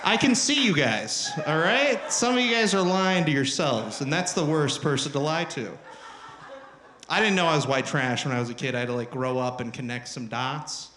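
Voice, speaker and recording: A man performing stand-up comedy on stage, talking in a profane, animated way and shouting at the crowd. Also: a little high, moderate pace, slight background noise. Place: live comedy venue on stage. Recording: roomy live club recording.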